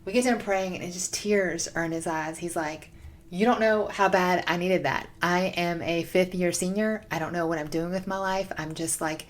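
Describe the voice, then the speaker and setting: A young woman hosting a faith podcast, telling stories in a casual, excited way with lots of "like". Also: lowish voice, normal speed. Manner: excited, gushing, heavy use of "like". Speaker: podcast host.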